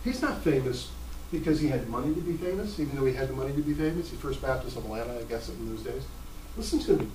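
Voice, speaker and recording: A man's voice: quick pace, a little hiss or hum. Preaching man, distant and echoey. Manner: animated, emphatic storytelling with sudden pitch jumps. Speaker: pastor. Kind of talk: sermon. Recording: roomy sound from a distant mic.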